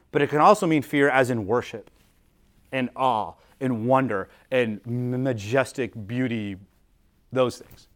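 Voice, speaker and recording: A male pastor delivers a sermon in a relaxed, talky manner, thinking aloud as he explains the passage. His voice sits in an ordinary middle pitch. He often repeats words and falls back on "like" as he goes. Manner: casual and explanatory, frequent "like" and restarts. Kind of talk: conversational sermon.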